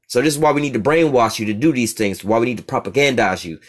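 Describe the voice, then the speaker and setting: A man preaching at a quick clip in a mid-range voice. He reads a passage aloud and breaks it down in blunt, cursing street talk, checking in again and again with "you see what I'm saying?". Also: medium pitch. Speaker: religious teacher. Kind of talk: street-style religious teaching, reading and explaining a text.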